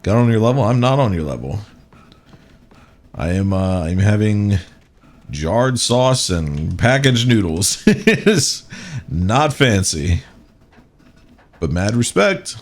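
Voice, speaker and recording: A man gives a live gaming commentary, teasing the characters and bantering with chat. His lowish, husky voice swings widely in pitch. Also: very animated, slow pace, long pauses. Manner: sarcastic, joking banter with chat and game characters. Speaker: streamer.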